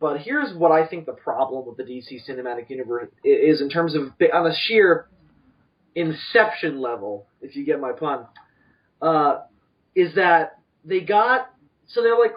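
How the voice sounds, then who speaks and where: A man co-hosting a podcast, rambling through animated opinions with lots of restarts. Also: on the high side, moderate pace. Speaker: podcast co-host. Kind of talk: casual chat. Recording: distant, dull lo-fi podcast mic.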